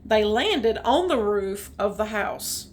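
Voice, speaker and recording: A woman reading a children's picture book aloud, with chatty, animated asides about the pictures. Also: medium pitch, slow pace. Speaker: storytime reader. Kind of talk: children's read-aloud with commentary.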